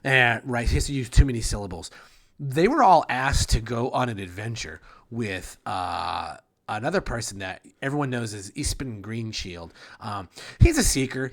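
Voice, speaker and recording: A man's voice: mid-range voice, fairly bright tone. A man narrating a tabletop game as game master, rambling casually, swearing and trailing off mid-sentence.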